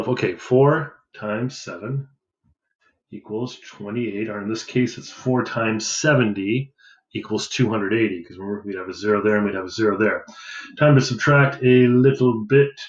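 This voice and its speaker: A man's voice: fairly low pitch, reverberant, muffled recording. A man teaching a math lesson, talking casually and thinking aloud as he counts through a division problem. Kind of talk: worked-example math lesson.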